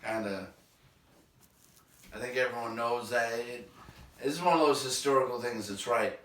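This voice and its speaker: A man's voice: medium pitch, moderate pace, fairly bright tone, far from the mic. A man with a Boston accent, a teacher, reading a textbook chapter aloud and dropping in wry, sardonic asides. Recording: echoey room, voice off-mic.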